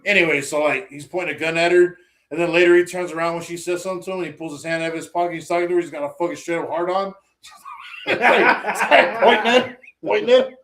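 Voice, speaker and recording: A male podcast co-host tells stories in loose, profane, casual chat, animatedly acting out the lines of people he quotes. His voice is on the high side and rapid-fire.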